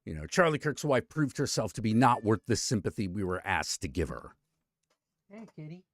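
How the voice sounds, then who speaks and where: A man's voice: fairly low pitch, big pitch swings, brisk, no room sound. A man hosting a live stream, talking casually with blunt, profane commentary and chatting to his cat. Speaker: streamer host.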